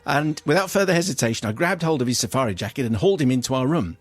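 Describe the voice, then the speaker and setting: In a radio studio, a male host reads a listener's funny letter aloud with comic flair, his voice expressive and quick with no room sound. He tells it like a comic story, swinging into high squeals whenever the letter writer cries out.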